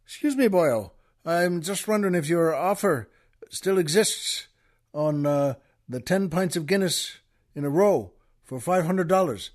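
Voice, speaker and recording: A man's voice: on the high side, expressive, measured pace. A man playing an Irish pub drinker who talks in a mild, polite, matter-of-fact way.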